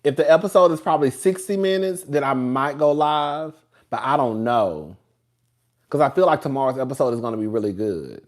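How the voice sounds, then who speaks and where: A man chats casually on a live stream, full of sass and quick laughs. His voice swoops up and down with lots of expression, and he rambles from one point to the next. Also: medium pitch, lively intonation. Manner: rambling, chatty and sassy, laughs often. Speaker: show host reviewing TV.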